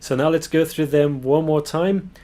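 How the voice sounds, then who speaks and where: A man giving a pronunciation lesson, sounding out words slowly and carefully. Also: a little high, fairly even intonation, warm tone. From Brazil. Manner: slow, careful demonstration of words. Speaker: language teacher.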